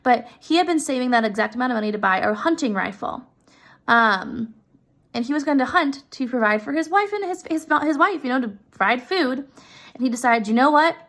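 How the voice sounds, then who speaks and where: Chatty woman with a gravelly voice. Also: high-pitched, brisk. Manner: chatty, opinionated, expressive. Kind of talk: casual story retelling.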